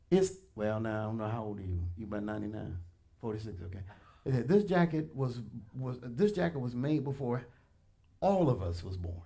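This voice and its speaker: A man pastor preaching a sermon in a church, animated and colloquial, addressing the congregation directly with punchy asides. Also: mid-range voice, normal speed, vocal fry. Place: church sanctuary.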